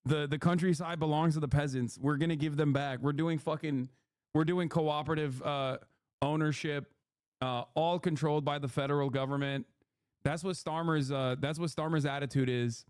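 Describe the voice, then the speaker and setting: A man's voice: on the high side, fairly even intonation, moderate pace, a little mellow, clean tone, no echo, clean studio sound. A man hosting a stream with casual political commentary, brash and profane, cracking jokes as he talks. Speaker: streamer host.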